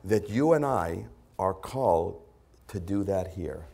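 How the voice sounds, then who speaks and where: Male pastor, conversational sermon with lively pitch, acts out quotes. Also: slow, gravelly. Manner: lively, conversational preaching with sudden loud put-on voices.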